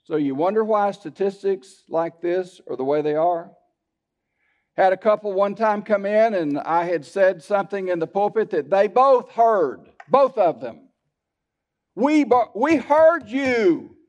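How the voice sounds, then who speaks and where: A man's voice: sits high, unhurried, a little mellow. A male pastor preaching a sermon, telling personal stories in a folksy way and turning often to the congregation. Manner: folksy storytelling with asides to the congregation. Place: church sanctuary. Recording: dull lo-fi church sermon recording.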